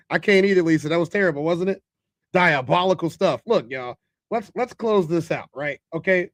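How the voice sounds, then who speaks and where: A man's voice: fairly high pitch, no room sound. Male streamer, dry and close. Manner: reads the chat aloud and moralizes firmly. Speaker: livestream host. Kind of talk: casual livestream commentary.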